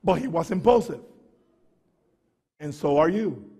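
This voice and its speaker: A man preaches with fervor, his voice sitting high for a man and dropping to low, quick asides before rising to shouts. He repeats and stumbles over words as he builds. Long reverb from a large church hall trails behind him. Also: lively intonation, slightly rough. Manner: fervent preaching, swings from quiet to shouting. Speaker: pastor. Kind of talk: sermon.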